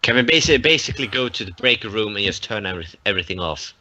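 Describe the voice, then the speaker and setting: Bright, chatty man player. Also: lowish voice, expressive, very fast, lo-fi sound. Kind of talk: casual tabletop play.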